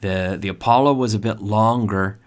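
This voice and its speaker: A man hosting an English lesson, speaking slowly and repeating key words so learners can practice pronunciation. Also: on the low side. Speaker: English teacher and podcast host. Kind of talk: casual vocabulary lesson.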